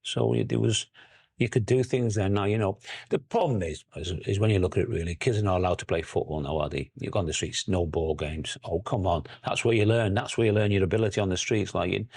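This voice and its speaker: Gravelly Scouse older man, chatty. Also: lowish voice, fast talker, a little mellow, no echo, clean studio sound. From Liverpool area. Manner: rambling, chatty, laughs often, lots of "like, you know". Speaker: guest, former footballer. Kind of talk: casual interview chat.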